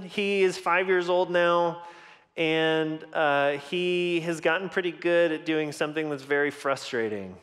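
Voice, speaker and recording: Storytelling pastor in a reverberant hall. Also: male voice, on the high side. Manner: conversational storytelling, animated in quoted lines. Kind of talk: sermon.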